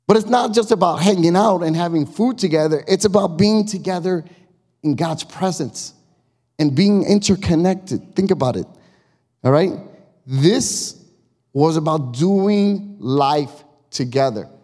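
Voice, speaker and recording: A man's voice: on the high side, expressive, a little slow, pauses often, darkish tone. A man preaching a sermon as pastor, talking in a conversational, emphatic way and asking the congregation questions. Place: church sanctuary. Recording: long reverb of a church hall.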